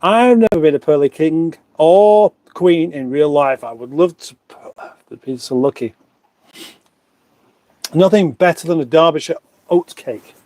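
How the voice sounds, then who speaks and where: A man born in Surrey, England, hosts a casual live stream from his home kitchen, rambling and putting himself down as he reads out viewers' comments. He's recorded on a phone on a stand, in a dry recording. His voice sits on the high side with a dark tone, and he talks a little slowly with long pauses.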